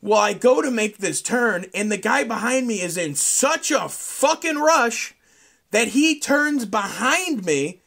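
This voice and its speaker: A man hosting a solo podcast, telling a profane, rambling story that climbs into loud outbursts. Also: very high voice, lively intonation, slow. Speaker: podcast host.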